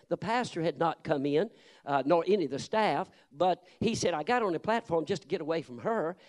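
A man preaching a sermon, telling stories with punch and calling out amens. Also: sits high. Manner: lively, punchy storytelling with shouted amens. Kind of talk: sermon with storytelling.

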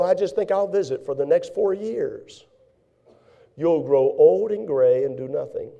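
A man preaching a folksy, animated sermon as pastor, now and then acting out frantic voices. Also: mid-range voice, creaky, muffled recording.

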